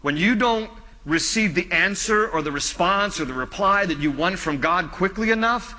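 A male pastor preaching a sermon in an earnest, pleading way, slowing down and dropping softer on key phrases. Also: high voice, lively intonation, big-room sound.

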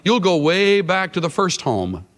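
A man delivering a sermon to a congregation, slow and deliberate with a voice that swings widely up and down for emphasis. His words ring out in a large hall with a long echo behind them. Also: high-pitched, sing-song, fairly bright tone. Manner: emphatic, dramatic shifts of emphasis. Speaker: Bible teacher.

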